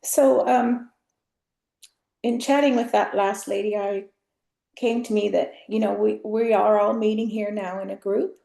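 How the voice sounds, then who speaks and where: A woman speaks slowly and haltingly on a group video call. Her voice is flat and gravelly, and it sounds echoey and roomy. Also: mid-range voice. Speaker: meeting participant.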